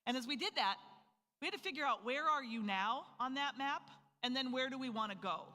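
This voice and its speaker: Seminar presenter from north dakota, bright edge, energetic, rhetorical questions, long hall reverb. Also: sits high, fairly quick. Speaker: financial planning presenter. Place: event hall with a live audience.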